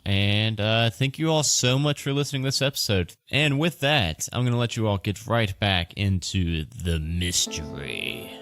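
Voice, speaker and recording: A man who is a dungeon master and podcast host, doing a casual sponsor read and game narration in a chatty way full of fillers and quick asides. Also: mid-range voice, fairly bright tone, clean tone, no room sound, studio quality.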